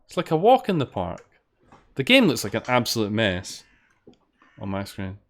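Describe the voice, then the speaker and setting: Guy streaming games, rambly casual chatter, bit of swearing, slightly low voice. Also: wildly swooping pitch, normal speed, a bit bright. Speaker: streamer playing fangames. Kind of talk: casual gameplay commentary.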